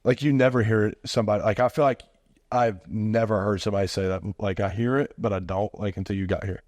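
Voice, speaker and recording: A young man with a fairly low voice talks bluntly and rambles, packing almost every phrase with "like". It is casual podcast banter, recorded dry and close to the mic. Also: fairly even intonation, quick pace, darkish tone, no room sound. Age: young adult. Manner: blunt, fills speech with "like". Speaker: podcast host, college football player.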